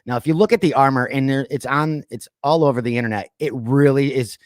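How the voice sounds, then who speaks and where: A man's voice: medium pitch, brisk, dry recording, studio quality. A man hosting a casual pop culture podcast, chatting loosely and reading off lists with plenty of fillers. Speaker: podcast host. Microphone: streamed call mic.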